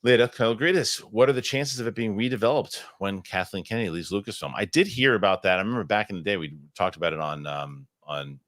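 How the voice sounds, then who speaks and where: A middle-aged man hosting a casual podcast, rambling and excitable as he chats and reads ads. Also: on the low side, quick pace, hardly any pauses, no room sound, clean studio sound. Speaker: podcast host. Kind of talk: casual chat and live ad reads.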